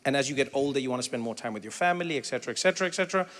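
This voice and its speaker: A middle-aged man from South Africa doing animated stand-up comedy with crowd work, acting out voices as he tells stories. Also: medium pitch, very fast. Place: large theater stage. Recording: reverberant hall with faint ambience.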